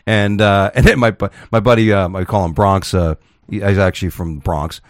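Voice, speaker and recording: Host type, low voice, dry close mic, rambling profane storyteller. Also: male voice, steady tone, brisk, dry recording. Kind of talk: casual chat.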